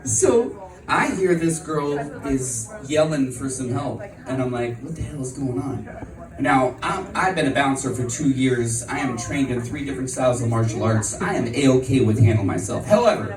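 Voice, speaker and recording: A man in his forties doing a stand-up comedy set, telling brash, profane stories in bursts of excitement. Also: medium pitch, normal speed. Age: 40s. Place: comedy venue with a live crowd. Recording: echoey room recorded from a distance, crowd audible. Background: audience laughter.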